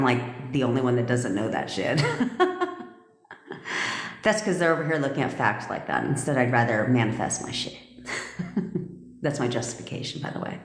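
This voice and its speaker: A woman manifestation coach in casual live-stream chat, profane and chatty, often laughing. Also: low-pitched. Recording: echoey room with long reverb.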